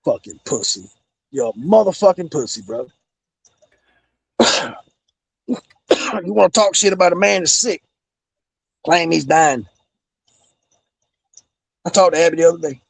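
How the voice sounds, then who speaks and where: A man's voice: a little high, expressive, a little slow, gravelly, pauses often, no room sound. A man, a former pro wrestler, delivering a heated, profane, menacing promo-style rant as a podcast guest. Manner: menacing, profane, repeats "bro".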